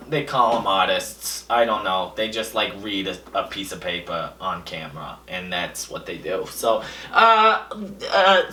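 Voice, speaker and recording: A young man hosting a comedy show, delivering a deadpan monologue full of absurd boasts, his voice jumping between high and low. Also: slight background noise. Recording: echoey room, a bit far from the mic.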